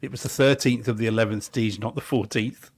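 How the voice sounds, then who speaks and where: A man trades short, dry jokes and quick agreements in relaxed conversation. He keeps a steady middle pitch and sounds like a regular co-host. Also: no room sound. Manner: dry teasing humour, brief replies. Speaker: podcast co-host. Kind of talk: casual chat.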